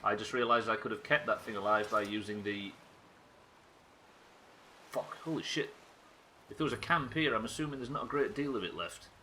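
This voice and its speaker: Bright-voiced, joking streamer. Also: male voice, fairly low pitch, normal speed, long pauses, slight background noise. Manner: swearing, joking asides to chat. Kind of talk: live gameplay commentary.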